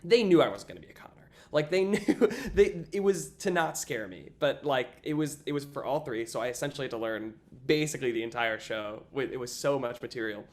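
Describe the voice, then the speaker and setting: Animated young man telling a story. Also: medium pitch, fairly quick, few pauses. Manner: animated, acts out quoted voices, frequent "like". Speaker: guest, stage actor. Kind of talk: casual interview storytelling.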